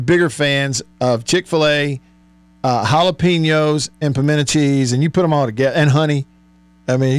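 A man's voice: a little high, no echo. A man hosting a radio talk show, chatting and joking with his co-host and laughing often. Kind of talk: casual on-air banter.

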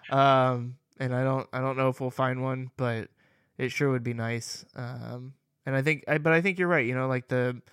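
Man, podcast co-host, jokey and chatty, smooth clear tone, dry close mic. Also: medium pitch, fairly even intonation, moderate pace, fairly bright tone, no room sound. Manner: joking, laughs often, trails off with fillers. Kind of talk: casual chat.

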